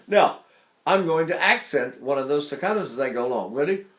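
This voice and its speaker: A man's voice: a little high, animated, a little fast. Older male voice teacher, chatty. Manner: chatty, loose explanations with sung demonstrations. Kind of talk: vocal technique lesson.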